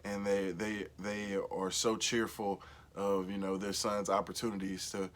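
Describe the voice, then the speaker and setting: A man hosting a solo football recap, casual and animated, with lots of fillers and repeated phrases. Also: lowish voice, unhurried. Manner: animated, talks loosely with many fillers and repeats. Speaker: sports podcast host.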